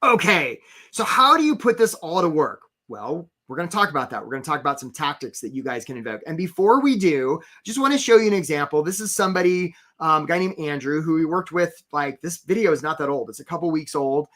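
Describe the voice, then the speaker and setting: A man coaching job seekers in a live webinar, talking fast and energetically and addressing viewers in the chat. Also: on the high side, expressive, fairly bright tone. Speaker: career coach hosting a webinar.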